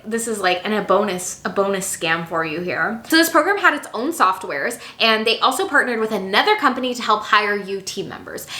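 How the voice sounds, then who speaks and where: A young woman telling a personal story to camera in a casual, animated way, acting out her own past quotes. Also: medium pitch. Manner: animated, expressive, acts out quotes. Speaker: business coach vlogger. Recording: echoey room.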